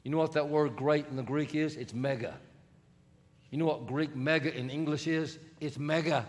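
A male pastor preaching a sermon, emphatic and swelling to shouts. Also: on the high side, normal speed. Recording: long hall reverb with faint music.

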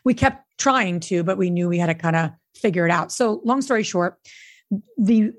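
A woman's voice: fairly low pitch, animated, moderate pace, no echo, clean studio sound. A middle-aged woman and podcast co-host, candidly telling a story in a casual conversation. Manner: candid, storytelling, emotional at times. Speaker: co-host, real estate investor.

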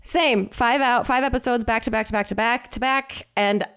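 Smooth-voiced young woman, chatty and enthusiastic. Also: fairly high pitch, steady tone, moderate pace, a bit bright. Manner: enthusiastic, says "dude" and "God", laughs often. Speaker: podcast co-host. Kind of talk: casual chat.

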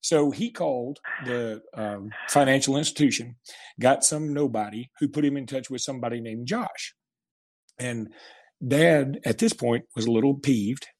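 A man's voice: mid-range voice, moderate pace, darkish tone. A man in his forties, a show host telling a funny story in casual chat and laughing through his punchlines. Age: 40s.

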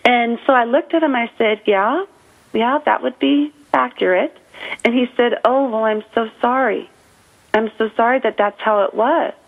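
A woman's voice: a little high, normal speed, vocal fry. A middle-aged woman, a guest author, giving an emotional personal testimony on a radio call-in, acting out her own thoughts as she goes. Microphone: telephone. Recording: tinny phone line.

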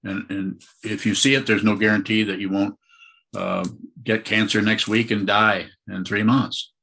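Husky, bright-voiced male meditation teacher. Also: fairly low pitch, little pitch movement, normal speed. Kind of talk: dharma talk answering questions.

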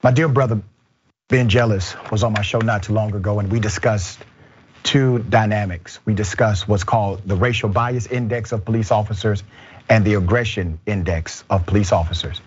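A man hosting a political commentary show with an emphatic, measured delivery. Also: fairly low pitch, slight background noise. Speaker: show host. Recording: dull, lo-fi sound.

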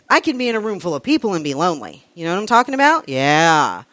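A woman's voice: medium pitch, big pitch swings, fast talker, hardly any pauses, fairly bright tone, no echo. A woman teaching a live class to an audience, frank and profane, hammering points home with repeated lists. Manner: emphatic, repeats lists for effect. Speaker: workshop teacher.

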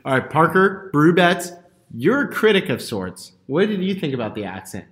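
Man, podcast host, upbeat, teasing, fairly high voice, echoey room. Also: sing-song, moderate pace, fairly bright tone. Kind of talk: casual podcast banter.

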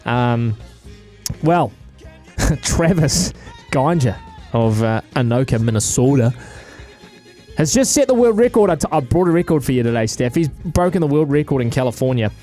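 A man's voice: medium pitch, lively intonation, moderate pace, warm tone, faint music behind. A man with an Australian accent, reading quirky news stories on air in a casual, jokey way, full of fillers. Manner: chatty, jokey, lots of fillers. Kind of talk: casual radio banter. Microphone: studio microphone.

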